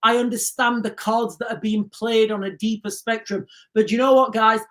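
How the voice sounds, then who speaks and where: British guy ranting live to his viewers, emphatic, kinda high voice, keeps going ladies and gentlemen. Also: flat delivery, moderate pace. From United Kingdom. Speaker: livestream host. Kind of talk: ranting livestream monologue.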